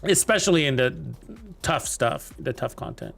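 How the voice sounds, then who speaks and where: A man's voice: medium pitch, expressive, moderate pace, creaky, fairly bright tone, faint music behind. A young man giving casual, rambling commentary while playing a video game, chatting to his viewers with lots of fillers. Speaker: game streamer.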